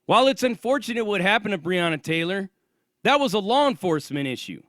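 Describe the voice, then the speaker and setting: A man's voice: high voice, very animated, brisk, a bit bright, no echo, clean studio sound. A man hosting his own channel, delivering an angry, profane and sarcastic ranting monologue. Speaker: channel host.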